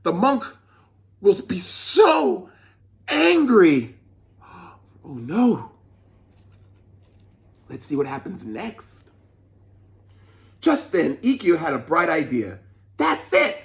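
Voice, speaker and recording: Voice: medium pitch, big pitch swings, very slow, pauses often. A children's storyteller reading a folk tale aloud, with chatty asides to young listeners.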